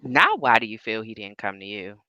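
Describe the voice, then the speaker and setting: A woman at home giving animated, casual live reaction commentary, exclaiming and laughing easily as she goes. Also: very deep voice, fairly quick, lo-fi sound, heavy background noise. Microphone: recording without headphones.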